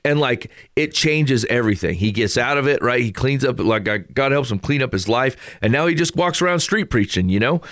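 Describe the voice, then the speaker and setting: A man co-hosting a casual faith podcast, telling stories in a rambling, animated way with many restarts. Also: mid-range voice, fairly quick, hardly any pauses, no echo, clean studio sound. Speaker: podcast co-host.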